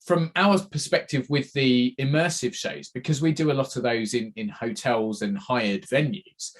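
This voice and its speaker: A man co-hosting a podcast, chatting casually in a measured, explaining way. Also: mid-range voice. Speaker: podcast co-host and performer. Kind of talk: casual chat.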